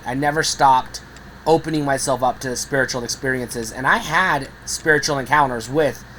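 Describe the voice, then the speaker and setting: A female video creator delivers a candid personal monologue, blunt and heavily profane, getting heated as she animatedly acts out the voices she quotes. Her voice is deep, and the poor audio carries a little hiss or hum.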